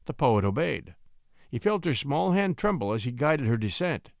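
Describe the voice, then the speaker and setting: Male audiobook narrator, animated and expressive, dry close recording. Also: medium pitch, normal speed, vocal fry, no echo. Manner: expressive reading. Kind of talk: scripted storybook narration.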